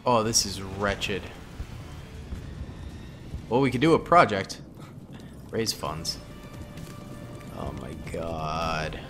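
A man's voice: lowish voice, animated, takes it slowly, long pauses, music in the background. A young man giving casual gameplay commentary, chatting to himself and pleading with his units. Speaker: gaming YouTuber.

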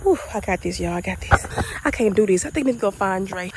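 A woman's voice: medium pitch, animated, quick pace, a little mellow. A woman co-hosting a vlog outdoors at night, talking fearfully to viewers with lots of fillers. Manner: scared, chatty, lots of fillers. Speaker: vlog co-host. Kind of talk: casual vlog chat. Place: dark woods at night, outdoors. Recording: noisy outdoor phone recording. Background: crickets and insects.

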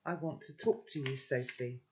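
A man's voice: medium pitch, moderate pace, a little mellow, a little hiss or hum, natural voice. A man reading aloud and voicing a wary, blunt boy who talks in an offhand, teasing way.

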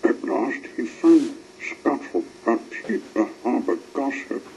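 A man narrating a children's story in a slow, expressive reading. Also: mid-range voice. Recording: muffled lo-fi recording with faint hiss.

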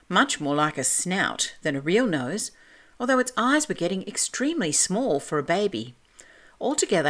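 A woman reading a classic children's story aloud in a clear, measured, expressive way. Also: fairly low pitch.

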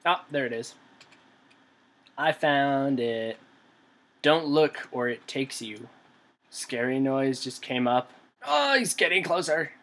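A man's voice: mid-range voice, fairly even intonation, slow pace, long pauses, fairly bright tone. A man giving let's play commentary on a horror game, jumpy and nervous, talking to himself as he plays. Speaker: gamer.

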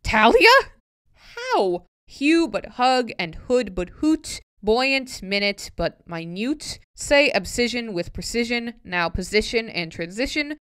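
Woman vlogger, slow careful reading, very clear crisp voice, dry close sound, puzzled self-mocking asides. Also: fairly high pitch, lively intonation, no room sound. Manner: puzzled, self-mocking asides between tongue-twister words. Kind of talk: casual reading aloud with asides.

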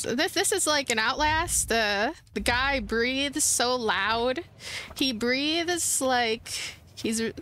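A woman's voice: a little high, bright, forceful tone. A woman playing a horror game, chatting casually to her viewers and shrieking and giggling when startled. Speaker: let's play host. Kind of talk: casual gameplay commentary.

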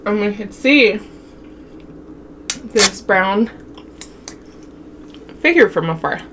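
A woman's voice: mid-range voice, animated, drawn-out words. Young woman from Wyoming, casual vlogger voice, chatty storyteller who laughs a lot, faint hiss in the recording. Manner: chatty, addresses viewers as y'all, laughs often. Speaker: mukbang vlogger.

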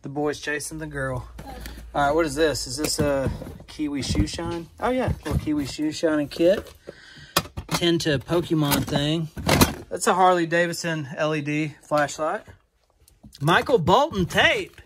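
A man chatting casually as he digs through boxes of finds, rambling and easily excited, recorded on a phone. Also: fairly high pitch, a little slow. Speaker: vlogger digging through resale finds. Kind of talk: casual running commentary. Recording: phone recording with loud clicking and handling noise.

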